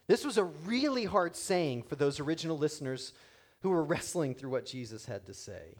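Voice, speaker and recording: A middle-aged man preaching a sermon as pastor, animated and joking, acting out quotes in different voices. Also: fairly high pitch, normal speed.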